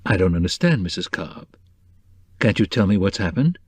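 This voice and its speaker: A man voicing a calm, kindly middle-aged male newspaperman who speaks in a reassuring way. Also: sits low, moderate pace, slightly rough, no room sound, exaggerated voice. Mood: concerned.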